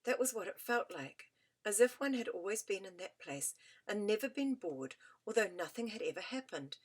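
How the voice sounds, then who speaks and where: A woman reading a children's story aloud as an audiobook narrator, gentle and expressive. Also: medium pitch, moderate pace, slightly rough.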